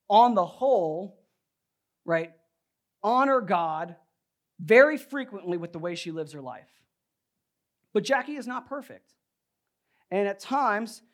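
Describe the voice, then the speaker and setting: A young adult male pastor preaching a sermon in a conversational, storytelling way, often saying "like" and "right?". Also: high voice.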